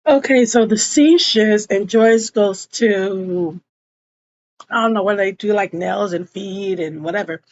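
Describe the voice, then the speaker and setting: Woman vlogger, animated recap, slow drawl, dull lo-fi mic. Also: medium pitch. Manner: animated, chatty, addresses viewers as y'all. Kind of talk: casual recap storytelling.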